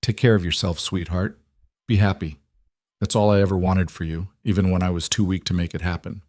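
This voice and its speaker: A man's voice: deep voice, fairly even intonation, a little fast, a little mellow, no echo, close to an everyday voice. Regretful middle-aged mother, read by a man, strained, resolute, dry. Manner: strained, determined.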